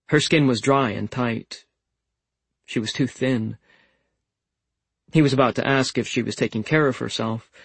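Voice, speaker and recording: A man reading a literary audiobook in a calm, understated way. His voice is husky, with a gravelly fry at the ends of phrases. The sound is close and completely dry. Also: medium pitch, no echo, low-quality recording. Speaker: audiobook narrator. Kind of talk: scripted literary narration.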